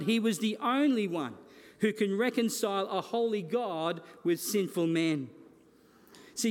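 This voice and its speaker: A man preaching a sermon as a pastor, earnest and building his points through repeated phrases. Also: high-pitched. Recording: long reverb of a large hall.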